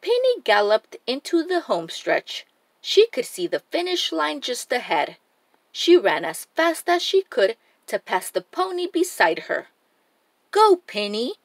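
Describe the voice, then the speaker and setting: A woman reading a children's picture book aloud, her voice moving up and down with a lot of expression. She takes an unhurried pace, and the sound is close and dry. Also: sits high, no room sound. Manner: expressive, animated read-aloud. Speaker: storybook reader.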